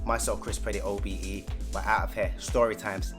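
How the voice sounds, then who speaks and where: A young man with a London accent telling a comic story from his school days in loud, animated street slang. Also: fairly low pitch, brisk, few pauses, over music. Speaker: vlogger.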